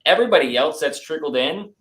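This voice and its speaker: A man's voice: fairly high pitch, quick pace, low-quality recording. Chatty young man telling stories. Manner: animated, acts out quotes, says "like" and "dude" often. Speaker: business founder, podcast guest. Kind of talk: casual interview storytelling.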